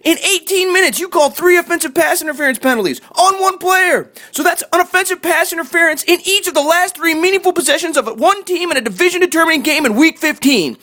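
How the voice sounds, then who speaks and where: A man with a strikingly high, bright, sharp voice tears through a scripted comedy rant about his sports team. He rattles along at a quick clip and stays profane, sarcastic and exasperated the whole way. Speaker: sports fan ranter.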